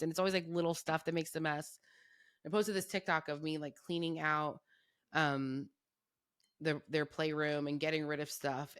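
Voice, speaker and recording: Woman in her thirties, casual chat, blunt and swearing, bright forceful tone, lowish voice, dry close sound. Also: smooth, no room sound. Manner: candid, swears freely, laughs while telling stories. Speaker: podcast guest.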